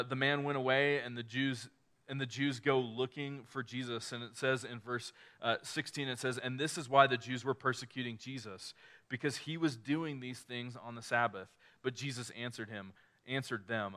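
A man's voice: mid-range voice, fairly even intonation, moderate pace, sharp tone. A man preaching a sermon in a casual, conversational way, often restarting phrases and acting out quoted lines.

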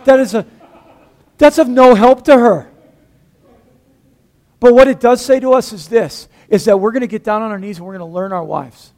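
A man preaching a sermon as pastor, in a lively, conversational way with humor, acting out dialogue in different voices. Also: high-pitched, fast talker, few pauses.

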